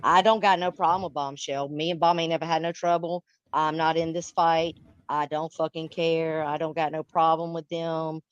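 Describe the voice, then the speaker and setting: A woman's voice: low-pitched, little pitch movement, normal speed, smooth, no echo, dull audio. A middle-aged woman, hosting a live stream in blunt, profane, emphatic casual chat.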